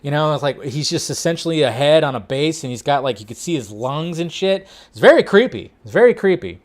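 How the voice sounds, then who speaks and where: A man with a slightly higher voice hosts a loose, rambling film news chat. He talks off the cuff with plenty of fillers. Now and then he jumps up in pitch and loudness when something surprises him. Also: animated. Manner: chatty, rambling, quick bursts of disbelief. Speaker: host.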